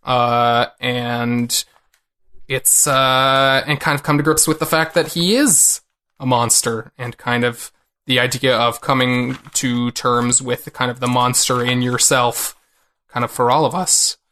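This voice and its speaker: A man's voice: medium pitch, steady tone, a little slow, sharp tone, clear, resonant tone. Rambling male podcast co-host. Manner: rambling, many fillers. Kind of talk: casual chat.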